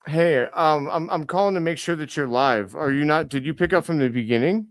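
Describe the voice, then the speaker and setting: An excitable young man calls a basketball game live, mixing play-by-play with exasperated remarks at players. His voice sits a bit high and sounds close and dry, with no room around it. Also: no room sound. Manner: excitable, scolds players aloud, quick self-corrections. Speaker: live reaction stream host.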